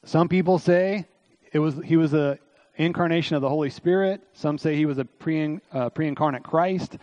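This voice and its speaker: A middle-aged man preaching a sermon as pastor, in a folksy, conversational way, with many fillers and asides, his voice slightly hoarse this morning. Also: fairly high pitch, normal speed, darkish tone, dry recording, lo-fi sound.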